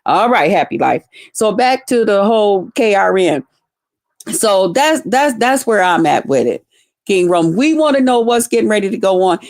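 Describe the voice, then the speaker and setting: A woman's voice: mid-range voice, very animated, normal speed, a little mellow, dry recording, clean studio sound. A middle-aged woman giving blunt, profane livestream commentary, laughing often and greeting chat viewers by name.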